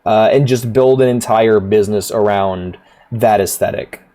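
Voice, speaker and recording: A man's voice: on the low side, normal speed, mellow. A man streaming a rhythm game, chatting casually in a rambling, profane way, laughing often. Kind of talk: casual livestream chat.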